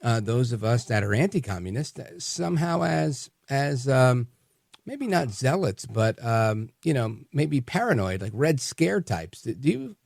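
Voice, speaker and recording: A man hosting a talk radio show, introducing his guest with a halting delivery full of fillers. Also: mid-range voice, very animated, gravelly, darkish tone, no room sound, studio quality.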